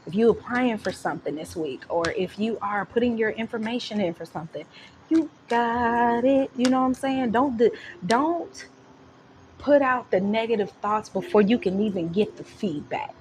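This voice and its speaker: A woman reads tarot in a loose, animated monologue, full of slang and swearing. Her voice sits in a middle pitch range. A constant background noise hums under the home recording. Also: moderate pace. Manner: animated, slangy and profane, breaks into laughs and sung lines. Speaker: tarot reader. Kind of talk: casual tarot reading monologue.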